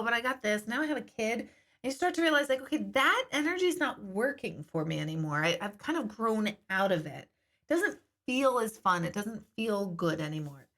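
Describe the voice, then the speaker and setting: A middle-aged woman talks in a casual, candid live-stream chat. Her voice is bright and a little forceful. She answers viewers in an easygoing way and swears now and then. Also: a little high. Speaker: intuitive host reading viewer comments.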